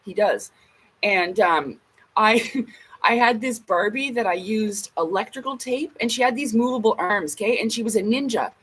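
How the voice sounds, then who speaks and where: A woman's voice: fairly high pitch, normal speed, fairly bright tone, slightly rough, low-quality recording. A woman vlogger in a casual ranting monologue, blunt and emphatic, swearing heavily.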